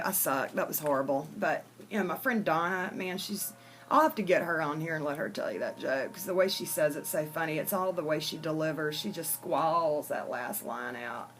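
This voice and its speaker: A woman's voice: on the low side, normal speed, a little hiss or hum. A woman vlogging in a chatty, blunt way, telling a joke and talking casually to her viewers. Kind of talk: casual storytelling chat.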